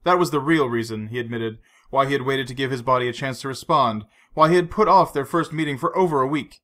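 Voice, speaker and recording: A male narrator reads a novel aloud in a measured, steady manner. His voice is bright and forward, with a slightly tense edge. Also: mid-range voice. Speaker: audiobook narrator. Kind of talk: scripted narration.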